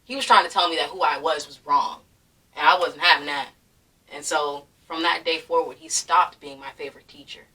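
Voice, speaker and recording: A young woman with a bright, forceful voice, worked up and swearing through a commentary rant full of fillers and bursts of laughter. She sits a little back from the mic, so the sound is slightly distant. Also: deep voice, fairly quick, husky. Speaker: commentary vlogger. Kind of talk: ranting commentary.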